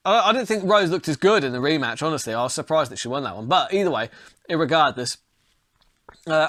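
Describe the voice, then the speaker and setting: A man's voice: a little high, fairly bright tone, no echo, clean studio sound. A man giving a casual, rambling fight breakdown and betting pick, swearing now and then. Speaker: fight analyst and tipster.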